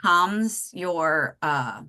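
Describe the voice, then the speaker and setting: A woman's voice: on the low side, expressive, extremely slow, pushed and bright, clear, resonant tone. A woman hosting a casual podcast chat, hesitant and searching for her words. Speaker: host.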